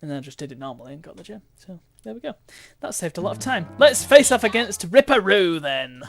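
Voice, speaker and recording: A man's voice: fairly high pitch, expressive, quick pace, creaky, a bit bright, soft background music. Chatty man streaming a game. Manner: chatty, playful and self-mocking. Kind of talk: live game-stream commentary.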